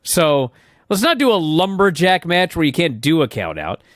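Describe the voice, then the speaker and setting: A man telling a wrestling story to his co-hosts, swearing freely and acting out every quote. His voice sits a little high and swings widely in pitch. The sound is dry and close. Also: normal speed, no room sound. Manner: animated storyteller, swears often, acts out quotes. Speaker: podcast co-host. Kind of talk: casual wrestling recap chat.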